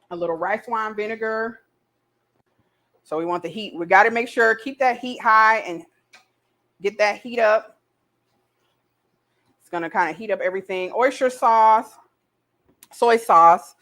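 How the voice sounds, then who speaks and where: A woman's voice: fairly high pitch, fairly bright tone. A woman hosting a casual cooking show, bubbly and exclamatory, chatting straight to her viewers as she cooks.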